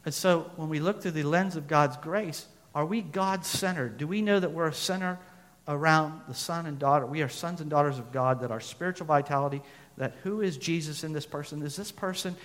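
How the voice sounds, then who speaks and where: A man preaching a sermon, reading scripture aloud and asking his listeners questions, sometimes swelling louder and then dropping soft. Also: on the high side, moderate pace, big-room sound. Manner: asks the listeners questions, reads scripture aloud, loudness rises and falls.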